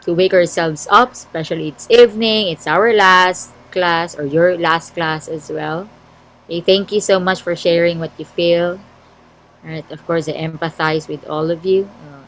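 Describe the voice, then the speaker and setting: Speaking in a lowish voice over poor audio, a Filipino-accented woman runs an online class and reads out her students' word-game answers. She checks each one aloud in an encouraging way.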